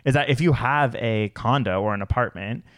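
Man, podcast co-host, casual chat, playful, sassy, mid-pitched, dry sound. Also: normal speed, fairly bright tone, dry recording. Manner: playful, jokey, sassy asides.

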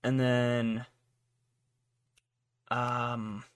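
A man's voice: mid-range voice, level tone, drawn-out words, clean tone, dry recording. Man rambling through a profane recap. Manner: rambling, profane plot recap with many fillers. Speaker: podcast host. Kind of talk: casual chat.

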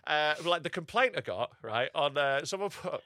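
A man, a comedian co-hosting a podcast, telling stories in casual banter, animated, swearing and quick to laugh. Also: a little high, no echo.

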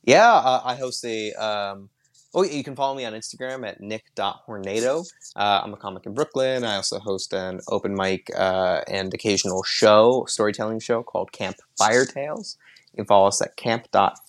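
A man, a comedian guest, talking in a deadpan, teasing way on a podcast. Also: on the low side, normal speed. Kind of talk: casual podcast chat.

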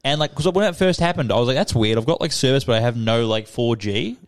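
Fast-talking Australian guy, swearing. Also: mid-range voice. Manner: swearing, storytelling, animated retelling. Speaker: podcast co-host. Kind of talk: casual chat.

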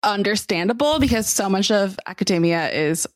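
A woman's voice: fairly low pitch, expressive, normal speed, no room sound, studio quality. A young adult woman, a podcast guest, talking casually, joking and laughing easily at herself. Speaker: podcast guest, co-host of another show. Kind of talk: casual interview talk.

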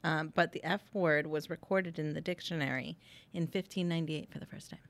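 A woman's voice: low-pitched, fairly even intonation, brisk. A chatty woman from Long Island, New York, who laughs easily in casual conversation. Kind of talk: casual chat.

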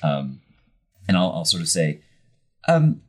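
A man's voice: low-pitched, big pitch swings, slow pace, long pauses. A man playing a tabletop game in character, talking in a hesitant, stammering way full of fillers. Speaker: player.

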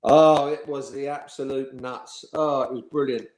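A man, a former professional footballer, telling lively anecdotes in an interview and laughing along. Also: medium pitch, moderate pace. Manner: chatty storyteller, laughs while telling. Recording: roomy echo.

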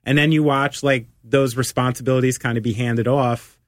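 A laid-back host asking questions in a casual interview, tossing in quick agreements and the odd swear. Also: medium pitch, fairly even intonation, no room sound, studio quality.

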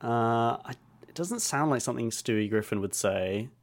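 A man's voice: medium pitch, animated, moderate pace. A man in casual podcast chat, joking and laughing into his lines. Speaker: podcast co-host.

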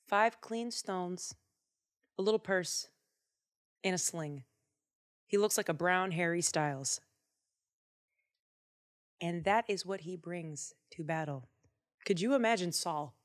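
A woman casually retelling a Bible story, animated and chatty with jokey asides. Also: lowish voice.

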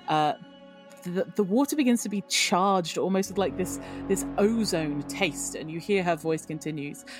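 A woman narrating a tabletop game as game master, descriptive with frequent fillers. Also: low-pitched.

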